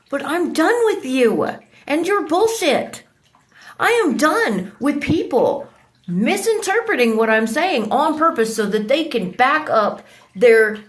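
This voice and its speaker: Furious ranting woman, profane and accusing. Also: fairly high pitch. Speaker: vlogger. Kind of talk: angry confrontational rant.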